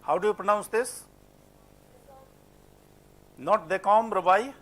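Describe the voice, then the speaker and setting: A man's voice: high-pitched, slow, fairly bright tone. A man with an Indian English accent lecturing a class on French pronunciation, asking questions and repeating words as a drill. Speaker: French phonetics teacher.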